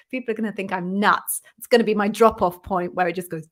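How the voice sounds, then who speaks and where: A woman's voice: mid-range voice, steady tone, a little fast, hardly any pauses, a bit bright. English woman, live-stream host, casual and upbeat, speaking from a home office. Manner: chatty, upbeat, greets viewers by name. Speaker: interview coach hosting a live Q&A. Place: home office with a ring light.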